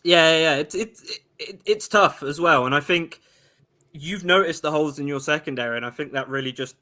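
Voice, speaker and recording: A man, guesting on a sports talk show, measured with stumbling restarts. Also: fairly high pitch, bright, forceful tone. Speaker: podcast guest.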